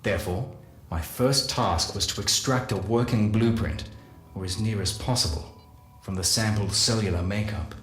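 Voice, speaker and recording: An actor playing a solemn male scientist narrating a game audio journal, measured and confessional. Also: fairly low pitch, close to an everyday voice. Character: solemn male scientist recounting guilty secrets. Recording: echoey voice with faint music.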